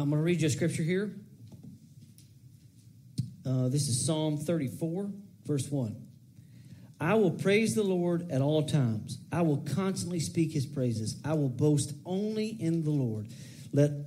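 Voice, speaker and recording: A man's voice: fairly high pitch, a little mellow, slight background noise. A man in his thirties preaching a casual, conversational sermon, often repeating phrases and breaking into whiny acted-out prayers. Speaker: pastor.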